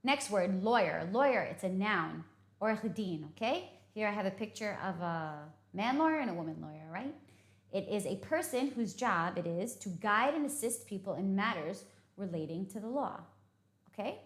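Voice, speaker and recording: A woman's voice: medium pitch, expressive, moderate pace. A woman teaching English vocabulary, explaining patiently and often checking in with "okay?". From United States. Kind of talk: vocabulary lesson. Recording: echoey room.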